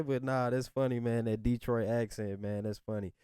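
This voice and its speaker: A man giving relaxed, rambling reaction commentary on a rap album as the host of his channel. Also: medium pitch, normal speed, smooth, no room sound, studio quality. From Southern United States. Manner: laid-back, rambling, full of "you know what I'm saying".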